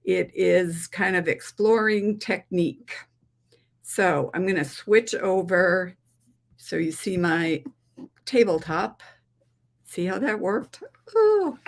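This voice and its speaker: A woman hosting a relaxed craft livestream speaks in a lower voice with a put-on Southern drawl. She talks slowly and rambles, chatting with her viewers as she demonstrates. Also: creaky. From New England. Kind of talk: casual craft livestream demo.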